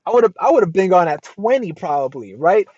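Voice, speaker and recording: An American man hosting a casual advice podcast, reacting to a post in an emphatic, lively way and swearing freely. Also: sits high, brisk, slightly rough, dry recording. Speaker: podcast host. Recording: dull lo-fi dry sound.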